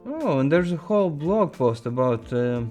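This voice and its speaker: A man's voice: on the high side, big pitch swings, normal speed, warm tone, soft background music. Chatty man reading viewer emails. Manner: chatty, reads emails aloud with playful asides. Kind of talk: casual chat.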